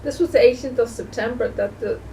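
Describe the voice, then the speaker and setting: A woman vlogging in a gravelly, dark-toned voice. She rambles, circles back and repeats herself, often restarting her sentences. The mic sits a distance away, with a faint hum of background noise. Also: a little high, brisk. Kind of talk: casual home video talk.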